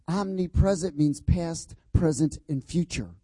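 Preacher guy w a really mellow dark voice, kinda high pitched, keeps asking the church to repeat after him, dry sound. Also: unhurried, hardly any pauses, husky, dry recording. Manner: call-and-response, prompts congregation to repeat words; emphatic, repetitive preaching cadence. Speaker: pastor. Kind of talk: sermon.

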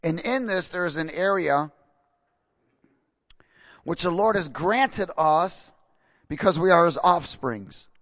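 A man preaching a sermon with emphatic, rising and falling delivery, questioning his congregation and reading scripture slowly with stress. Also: a little high, expressive, fairly bright tone, no room sound, clean studio sound.

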